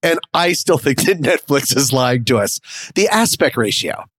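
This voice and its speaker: A man's voice: medium pitch, animated, normal speed, a bit bright, no room sound. Dry-sounding enthusiastic man co-hosting. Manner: enthusiastic, joking. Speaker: podcast co-host. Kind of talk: casual podcast chat.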